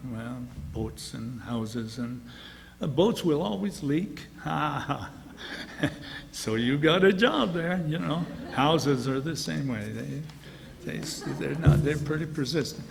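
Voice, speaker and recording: A man's voice: fairly high pitch, lively intonation, slow, vocal fry. An older man, telling stories in a rambling, chuckling way at a book release gathering. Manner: rambling, chuckling, full of restarts. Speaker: author. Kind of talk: storytelling reading at an event. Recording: echoey hall, faint noise.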